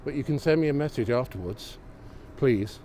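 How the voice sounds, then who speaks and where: A man's voice: medium pitch, expressive, moderate pace. A man live-streaming a walk outdoors on a snowy, windy night, chatting to viewers and exclaiming at the sights, recorded on a phone mounted on a gimbal. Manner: exclamatory, gently enthusiastic, often asks viewers questions. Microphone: iPhone on a gimbal.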